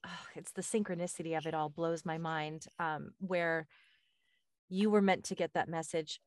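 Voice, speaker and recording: A woman's voice: low-pitched, steady tone, moderate pace, darkish tone, dry recording, clean studio sound. A woman hosting a casual chat, reacting with enthusiasm and sharing her own anecdote. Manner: enthusiastic, responsive listener.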